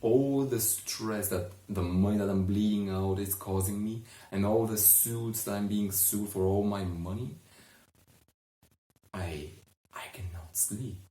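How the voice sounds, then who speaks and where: Despairing sleepless businessman, as a man acts him out, distraught, slow, echoey, far from the mic. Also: fairly low pitch, steady tone, mellow, natural voice. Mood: agitated. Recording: echoey room, distant mic.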